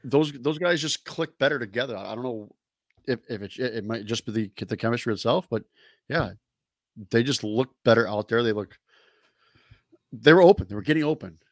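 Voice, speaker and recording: Co-host, male, mid-pitched, stammers and repeats words, easygoing, dry mic. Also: lively intonation, fairly quick, no echo. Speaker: podcast co-host. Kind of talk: casual sports chat.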